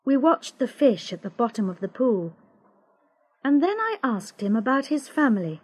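A woman narrating a graded-reader story for English learners in a slow, clear, expressive way. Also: a little high. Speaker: audiobook narrator.

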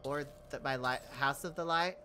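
A woman hosting a game role-play series in character, animated and swinging between alarm and calm musing. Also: deep voice, moderate pace, faint music behind. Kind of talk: in-character role-play chat with a channel outro.

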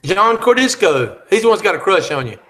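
A man's voice: high voice, big pitch swings, rapid-fire, fairly bright tone. A man hosting a live chat, reading out viewer comments and teasing them in a joking, easygoing way.

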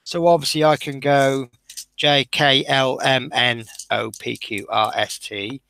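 A man's voice: medium pitch, steady tone, a little slow, gravelly, pushed and bright, clear, resonant tone, no room sound. A man hosting a live model-building stream, chatting casually and self-deprecatingly as he talks through each step, sounding tired.

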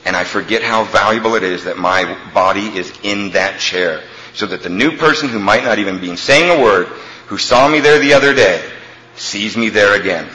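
A man speaking at a recovery meeting, telling a humorous story in an animated, comic way. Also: lowish voice, normal speed, a little hiss or hum. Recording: echoey hall, faint ambience.

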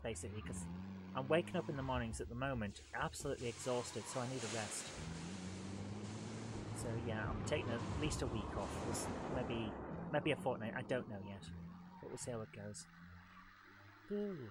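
A man streaming a video game live, chatting with viewers in a casual, self-mocking way. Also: medium pitch. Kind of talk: live let's-play commentary. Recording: game sounds noisy underneath. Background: game engine and vehicle noise.

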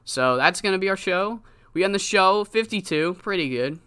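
A man's voice: sits high, lively intonation, normal speed, bright, forceful tone, smooth, no room sound, clean studio sound. A man giving casual, rambling commentary on a wrestling game, swearing often. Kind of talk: casual let's-play commentary.

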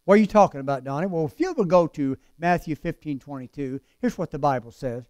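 A man preaching a sermon with passion, drawing out key words slowly and then rushing through quick asides. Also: a little high, lively intonation, a little mellow, no echo, studio quality. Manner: impassioned, swings between slow emphatic lines and fast asides.

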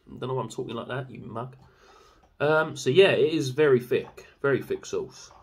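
A man's voice: mid-range voice, moderate pace, husky. A young man chatting casually in a sauce review vlog, rambling with fillers and swearing freely. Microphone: camera mic.

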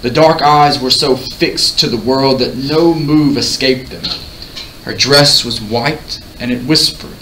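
A man reading a novel aloud in a measured, expressive way. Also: medium pitch. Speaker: audiobook reader. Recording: roomy, distant mic, faint hiss.

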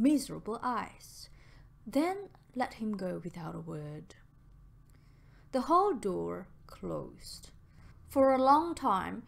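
A woman narrating an audiobook in a measured, expressive reading. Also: a little high.

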